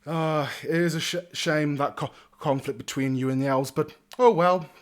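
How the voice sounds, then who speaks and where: A bright, boastful young nobleman, put on by a man with a raised pitch and a loud, flourishing delivery. He is naive and upbeat and speaks like a hero off on an adventure. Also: fairly even intonation, moderate pace, lightly acted. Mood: charming. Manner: grand, theatrical and upbeat.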